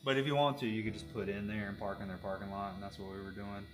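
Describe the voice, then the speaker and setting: A man's voice: fairly low pitch, flat delivery, fast, faint music behind. A man chatting casually while he tattoos, rambling and joking with lots of fillers. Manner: rambling, jokey storytelling with many fillers. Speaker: tattoo artist. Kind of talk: casual chat while working.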